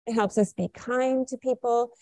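A woman's voice: on the high side, steady tone, moderate pace, mellow, no room sound. A woman pastor giving a children's sermon in church, coaxing and simple, then opening her sermon. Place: church sanctuary.

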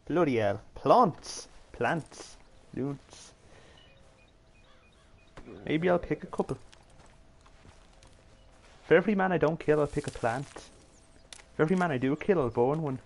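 A man's voice: on the high side, expressive, normal speed, vocal fry, long pauses. A man streaming a video game, making sarcastic jokes and mumbling to himself as he plays. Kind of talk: live gameplay commentary.

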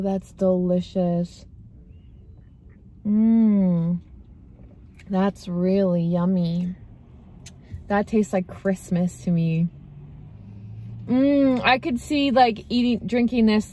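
A young Canadian woman with a lowish, dark-toned voice vlogs casually to her camera from her car. She laughs often and tends to trail off.

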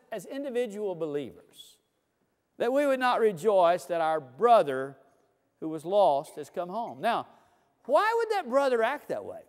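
A man's voice: sits high, in a large hall. A man preaching a sermon as pastor in a church sanctuary, building emphasis through repeated phrases.

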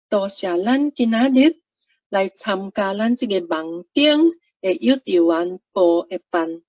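Slow, solemn woman giving a blessing. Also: medium pitch, lively intonation, darkish tone, dry recording, distant mic, dull audio. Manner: measured, solemn, drawn-out. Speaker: school speaker giving closing blessing. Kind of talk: formal address with blessing.

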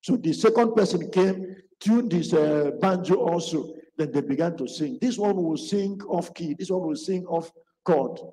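A man preaches in a storytelling manner, acting out the voices of the people in his story. His voice sits a little high and sounds mellow. It rings out in a hall with a long reverb. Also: normal speed. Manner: acts out quoted speech in his stories. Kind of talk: storytelling sermon.

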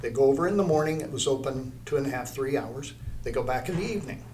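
A man's voice: mid-range voice, fast, a little mellow, slight background noise. An older man, an art teacher, telling a story in an interview, rambling, with many restarts.

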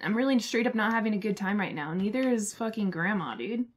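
A young woman streaming a horror game live, excitable, swearing and laughing often. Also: medium pitch, fairly quick, slight background noise. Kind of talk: live gameplay commentary.

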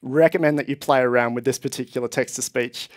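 A man's voice: medium pitch, fairly even intonation, fast talker. A man giving a technical conference presentation on stage, explaining with enthusiasm and speaking to a live audience.

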